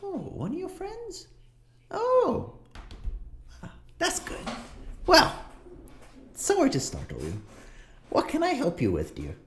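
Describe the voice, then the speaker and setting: A man voicing a startled, fussy woman shopkeeper in a tabletop game, using a high falsetto and drawn-out hums while he haggles. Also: wildly swooping pitch, echoey room, a little hiss or hum, exaggerated voice. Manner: flustered, haggling and musing aloud.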